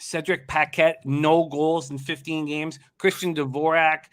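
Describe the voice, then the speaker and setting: A man's voice: on the high side, flat delivery, measured pace, a bit bright, clear, resonant tone. A man hosting a sports betting show, reading off hockey stats and chat comments in casual talk.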